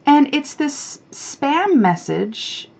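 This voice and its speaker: A woman hosting a knitting podcast, chatting casually to camera, excitable and chatty, and she swears freely when she rants. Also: high-pitched, extremely slow, creaky.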